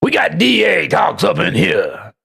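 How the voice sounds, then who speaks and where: A man hosting a casual live stream, loudly greeting his chat with rambling, profane, self-mocking asides. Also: huge pitch swings, a little slow, creaky, slightly rough. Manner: greets chat loudly with big swooping pitch jumps. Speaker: livestream host.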